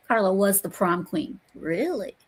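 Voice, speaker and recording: A woman's voice: mid-range voice, breathy edge. A woman hosting a casual podcast chat, rambling and often restarting her sentences. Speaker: podcast host. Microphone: remote podcast call.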